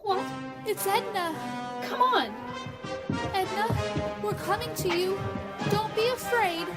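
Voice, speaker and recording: A woman's voice: very high voice, takes it slowly, over loud music. A woman playing a frightened young woman trapped in a haunted cabin, in old-time radio drama style, calling out urgently. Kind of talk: 1940s radio acting.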